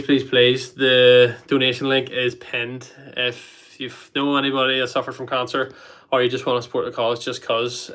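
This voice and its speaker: A Northern Irish man hosting a casual livestream, his voice bright and forward even though he sounds a wee bit congested. He chats loosely, reads viewer comments aloud and fills the gaps with uhs and ums. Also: mid-range voice. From Northern Ireland. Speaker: livestream host.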